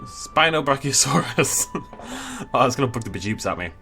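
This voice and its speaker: Man, animated, bright, comic playthrough commentary. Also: mid-range voice, normal speed, creaky, soft background music. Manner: playful, self-mocking, jumps between silly character voices. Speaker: gameplay commentator voicing characters. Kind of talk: comic game playthrough with improvised voices.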